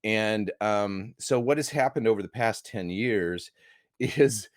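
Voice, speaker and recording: A man's voice: fairly low pitch, slow, dry recording, clean studio sound. An American man, a movie critic, talking as a guest in a casual interview, enthusiastic and rambling with restarts. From United States.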